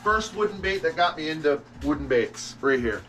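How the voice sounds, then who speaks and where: A man's voice: fairly high pitch, animated, moderate pace, bright, forceful tone, faint music behind. A man making fishing lures in his workshop, chatting casually on a livestream and answering questions, rambling and restarting his sentences, with the odd swear word. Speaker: fishing lure maker hosting a livestream. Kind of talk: casual live-stream chat answering questions.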